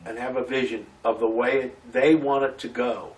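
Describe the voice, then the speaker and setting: A male community theater actor being interviewed, telling stories in a lively way with many restarts. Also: mid-range voice, moderate pace, recorded from a distance, rough recording. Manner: animated storytelling, many restarts. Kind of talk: casual interview.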